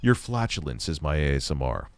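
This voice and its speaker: A man's voice: extremely low pitch, big pitch swings, a little fast, clean tone, dry recording. A man hosting a casual livestream Q&A, reading viewer questions aloud and answering in a rambling, profane way.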